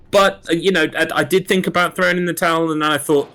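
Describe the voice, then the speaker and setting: A man talks through his run on a live game stream, rambling and poking fun at himself, swearing as he goes. His voice has a bright, sharp edge to it. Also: sits high, fairly even intonation, measured pace. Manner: rambling, self-deprecating, swears freely. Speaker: speedrun racer. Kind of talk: casual live-stream chat.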